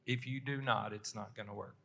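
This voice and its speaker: A man's voice: lowish voice, steady tone, brisk, creaky, sharp tone, a little hiss or hum. A man speaking bluntly and emphatically as a guest on a church panel. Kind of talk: casual panel talk.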